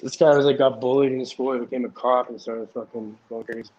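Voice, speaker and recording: A man's voice: mid-range voice, steady tone, fast, darkish tone, muffled recording. A man in a casual chat, telling stories loosely with constant swearing and filler words. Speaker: chat partner.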